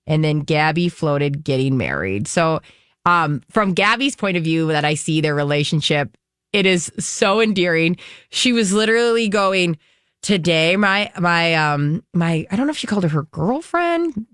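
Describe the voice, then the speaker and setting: A woman co-hosts a casual entertainment radio chat. Her voice is smooth and sits a bit low, and she slips into quick, lively quotes as she gossips. The sound is dry and close. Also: dry recording. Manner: chatty, quotes people in lively bursts. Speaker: radio show co-host.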